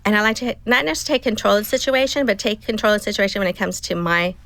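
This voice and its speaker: Woman, middle-aged, gravelly, earnest storyteller, dry sound. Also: mid-range voice, fast, fairly bright tone, dry recording. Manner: emotional, earnest storytelling with acted self-talk. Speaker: guest. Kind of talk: personal story in a casual interview.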